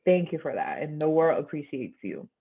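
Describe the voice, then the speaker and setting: A woman's voice: sits low, very animated, normal speed, creaky, breathy edge. A woman guest on a podcast, bubbly and affectionate, laughing often in a casual chat. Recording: tinny phone-like line.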